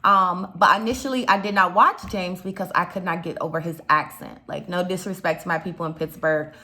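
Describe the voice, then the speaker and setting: A woman's voice: on the low side, steady tone, brisk, bright, forceful tone. A young woman from Chicago with a slight Chicago accent, talking casually in a rambling commentary vlog, full of fillers and asides. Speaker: YouTube commentator.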